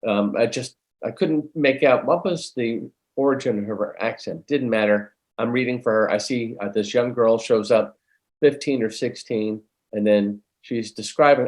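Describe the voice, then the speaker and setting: A middle-aged man, a guest medium, telling a story in an animated, conversational way. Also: mid-range voice, moderate pace.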